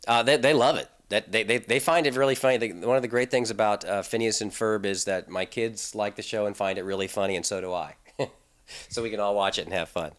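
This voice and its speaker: A man's voice: on the low side, a little fast, fairly bright tone. A middle-aged man, a voice actor, chatting in an interview in a playful, joking way. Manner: playful, joking, breaks into laughs. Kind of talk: casual interview chat.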